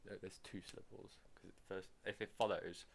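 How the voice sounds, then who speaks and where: A man's voice: low voice, level tone, a little fast, gravelly, slight background noise. A man hosting a podcast, chatting casually and explaining the rules of a game between laughs. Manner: laughing, teasing, bossy explaining. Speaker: podcast host. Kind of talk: casual chat, explaining charades.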